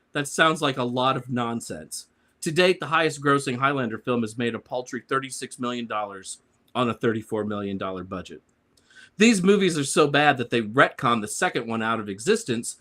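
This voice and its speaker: A man reads his own written movie takedown to a panel, at a middle pitch and dripping with sarcasm. His delivery is grumbling and deadpan, and each punchline lands dryly. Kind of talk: reading a prepared comic review.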